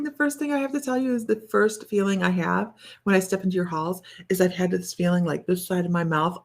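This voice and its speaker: A woman's voice: lowish voice, brisk, creaky, few pauses. A woman doing a casual psychic reading to camera, thinking aloud in a meandering, chatty way with many fillers and self-corrections. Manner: relays impressions in a wondering, chatty tone. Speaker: psychic reader.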